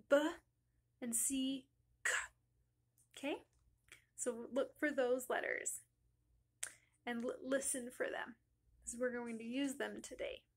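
A woman teaching a young class, reading a picture book aloud in a slow, sing-song, encouraging way with emphatic greetings. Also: sits high. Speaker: elementary school teacher.

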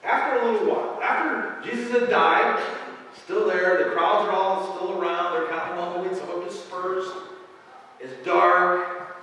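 A man preaching a lively sermon to his congregation, joking and acting out voices. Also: sits high, a little slow. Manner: animated, joking, acts out quoted voices. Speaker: pastor. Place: church sanctuary. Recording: echoey hall from far off.

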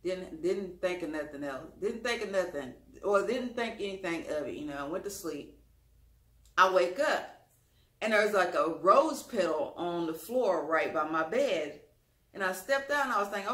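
A woman tells a personal story to her camera in a loose, conversational ramble. Her voice is bright and forward, with colloquial phrasing and repeated lines. The room around her is echoey. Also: lowish voice, animated, moderate pace. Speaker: storytime vlogger. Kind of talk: casual storytelling.

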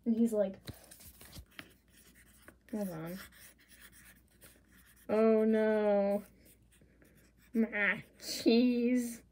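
An art channel creator narrates her doodles in a relaxed, playful way, reading prompts in lively voices. Her voice sits in the mid range, and she talks extremely slowly with frequent pauses.

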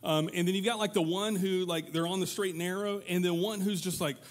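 A man with a somewhat high voice preaches a sermon in a church. He talks to the congregation in a loose, conversational way and acts out little quoted voices to make his points. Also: fairly even intonation, fairly quick. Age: adult parent. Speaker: pastor.

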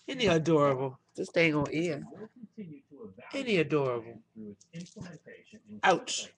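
A woman's voice: low-pitched, very animated, measured pace, long pauses. Doting woman cooing to her pet. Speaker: pet owner showing off her pet. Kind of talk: casual webcam vlog. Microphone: webcam. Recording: TV chatter in background.

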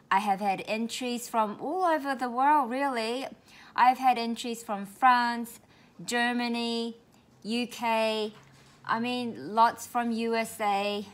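A woman craft vlogger who lives in Australia, opening crafty mail and gushing about it in a casual way, often repeating words for emphasis. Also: mid-range voice.

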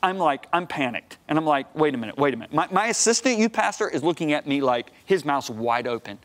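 Emphatic older male preacher telling a story. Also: fast talker. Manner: emphatic, rising to high excited outbursts. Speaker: guest preacher and author. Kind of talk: animated storytelling on a talk show. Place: television studio set.

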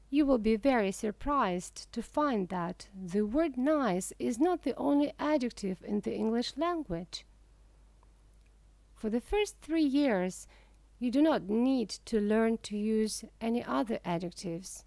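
A woman narrating a humorous audiobook for English learners, reading in a careful, even way. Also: fairly high pitch, dry recording.

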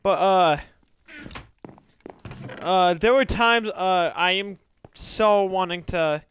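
A young man streaming a game, chatting casually and excitably with many fillers and laughs. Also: high-pitched, slow pace, smooth, no room sound. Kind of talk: casual gaming chat.

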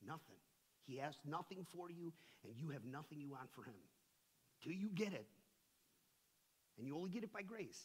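A middle-aged male pastor preaching a sermon in a church, conversational and full of slang, swinging between hushed asides and impassioned shouts. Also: on the high side, expressive, normal speed, pauses often, breathy edge. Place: church sanctuary.

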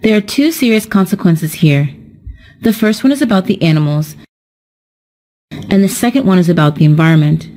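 A young adult woman teaching an English lesson in a slow, careful, explanatory way, scripted narration. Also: lowish voice, expressive, warm tone.

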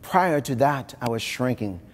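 A Haitian man with a medium-pitched voice and lively intonation speaks at a measured pace, a slight hiss or hum beneath him. He's delivering a live motivational keynote in a large conference hall, speaking emphatically, repeating phrases and addressing the crowd directly. The conference room gives the recording a long hall reverb.

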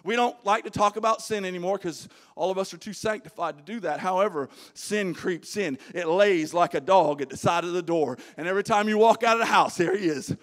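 A pastor preaches with a notably high-pitched voice. He sinks to quiet, low phrases for scripture, then climbs into loud, shouted exhortation to his congregation. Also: brisk, hardly any pauses. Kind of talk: sermon.

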